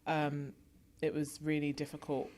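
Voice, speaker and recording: A woman's voice: low-pitched, completely flat delivery, unhurried, a little mellow, slight background noise. Playful chatty young woman co-host. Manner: playful, chatty, laughs easily. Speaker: podcast co-host. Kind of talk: casual chat.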